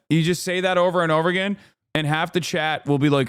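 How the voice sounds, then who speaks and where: A man's voice: a little high, fairly even intonation, fast, a bit bright, smooth, no room sound, clean studio sound. Profane, incredulous male streamer. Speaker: streamer reacting to a debate clip. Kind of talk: casual live-stream commentary.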